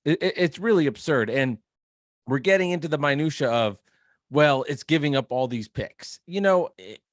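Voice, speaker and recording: A man co-hosting a sports podcast, talking in a measured way with stammered restarts. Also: fairly high pitch, expressive, no room sound, studio quality. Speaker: podcast co-host.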